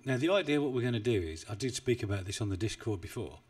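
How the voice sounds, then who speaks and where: A man's voice: mid-range voice, animated, quick pace, darkish tone, slightly rough, distant mic. A man chatting casually on a trading live stream, rambling and self-deprecating, with frequent chuckles. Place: home desk in the UK. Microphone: desk mic, not well placed.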